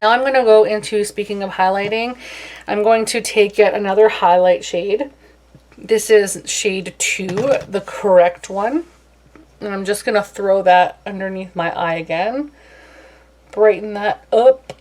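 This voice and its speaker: A woman's voice: medium pitch, unhurried, a little mellow. A young woman chatting casually through a makeup tutorial, self-deprecating and talkative. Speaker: beauty vlogger.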